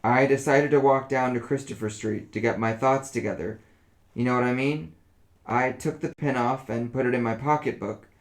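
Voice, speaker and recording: A man voicing an elderly woman who speaks in a flat, emotionless, dazed way. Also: mid-range voice, moderate pace, close to an everyday voice. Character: elderly woman, dazed and flatly matter-of-fact.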